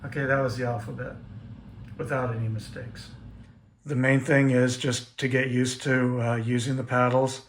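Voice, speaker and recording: A man calmly teaching Morse paddle keying in a plain, methodical way, with frequent pauses. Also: mid-range voice. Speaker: ham radio operator teaching Morse keying. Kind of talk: casual how-to demonstration. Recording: echoey room with faint noise.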